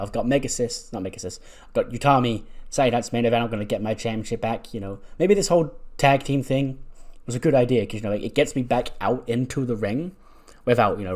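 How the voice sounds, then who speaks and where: A man's voice: medium pitch, fast, natural voice. Man doing a rambling woman wrestler, casual, barely acted. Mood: upbeat. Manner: chatty, rambling. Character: upbeat female wrestler coming back.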